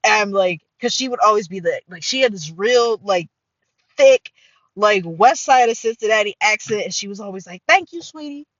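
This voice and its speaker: A middle-aged woman hosting a casual solo podcast, excitable and full of fillers and swearing. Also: medium pitch, normal speed, no room sound, dull audio. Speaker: podcast host.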